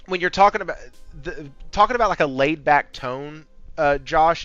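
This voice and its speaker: A man hosting a casual gaming podcast, talking in an amped-up, high-energy way and swearing freely. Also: a bit bright, no echo. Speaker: podcast host. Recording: slightly muffled audio with faint background music.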